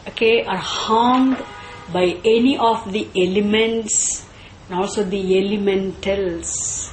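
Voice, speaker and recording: A woman's voice: mid-range voice, echoey room, a little hiss or hum, low-quality recording. A woman teaching a scripture class. She chants Sanskrit terms and asks and answers her own questions. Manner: slow and deliberate, repeats and chants Sanskrit terms.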